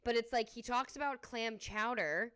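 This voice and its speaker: A woman's voice: on the high side, normal speed, a bit bright, clean tone. A young woman co-hosting a podcast, chatting casually and reacting with strong opinions. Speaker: podcast co-host. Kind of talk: casual chat.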